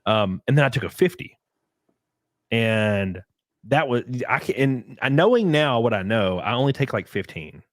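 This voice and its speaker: A man's voice: mid-range voice, normal speed, no echo, clean studio sound. Rambling young man telling a story. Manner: rambling storytelling with many likes and restarts, bursts of excitement. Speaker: podcast guest. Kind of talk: casual podcast chat.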